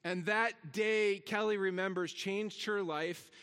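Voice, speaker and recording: A man's voice: sits high, steady tone, slow, fairly bright tone, smooth. A man preaching a sermon as pastor, earnest, repeating words and rising for emphasis. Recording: long hall reverb.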